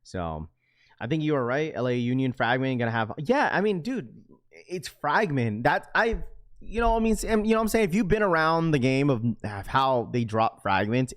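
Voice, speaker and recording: Young man, livestream host, casual rambling chat, mid-pitched voice. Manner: rambling, talks to chat, reads comments aloud.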